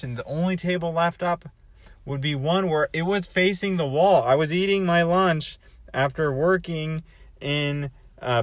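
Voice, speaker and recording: A man's voice: on the high side, fairly bright tone, no echo. A man from North America giving a casual, rambling vlog monologue, thinking aloud and often restarting his sentences. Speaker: vlogger.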